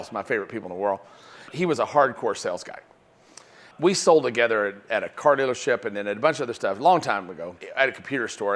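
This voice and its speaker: A man teaching sales at a live seminar in front of an audience. He talks in an animated way and keeps checking in with "right?". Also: a little high. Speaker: sales trainer.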